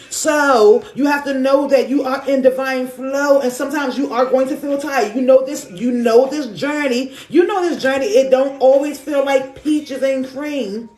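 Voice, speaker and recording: A woman's voice: high voice, reverberant. A woman reading tarot on a live stream, affirming and repeating herself in casual, slangy talk. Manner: affirming, repetitive, chatty with slang. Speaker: spiritual reader on a live stream. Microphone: phone on a live stream.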